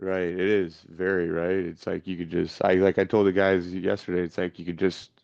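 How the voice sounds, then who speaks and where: A man leading a casual group chat, talking gently and supportively. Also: sits low, flat delivery, normal speed, creaky, no room sound. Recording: dull, dry lo-fi audio.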